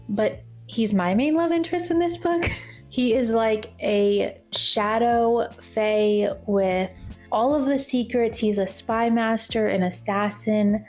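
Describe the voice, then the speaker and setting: A young woman chats casually to camera as a book vlogger, gushing and circling back to the same points with plenty of fillers. Her voice sits in a middle pitch, with faint music playing underneath. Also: darkish tone. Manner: gushing, repeats herself, many fillers. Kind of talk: casual chat.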